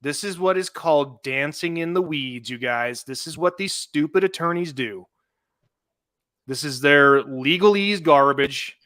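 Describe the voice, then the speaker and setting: A man hosting a casual podcast talk about a legal case, animated and laughing often, with many restarts. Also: a little high, measured pace, dry recording, clean studio sound. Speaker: podcast host.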